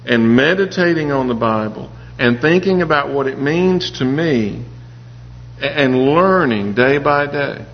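A fairly high-voiced man preaches with earnest, personal storytelling. His voice carries a long reverb, as if from a large hall. The sound is a little dull, with a faint hum underneath. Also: animated, unhurried. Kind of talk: sermon.

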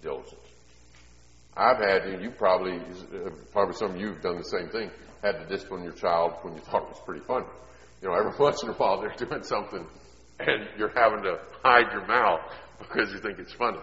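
A middle-aged man delivers a sermon in a long, ringing hall, his voice slightly muffled and dull. He slips from easy storytelling into loud, emphatic preaching and back again. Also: deep voice, brisk. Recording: echoey hall, dull sound.

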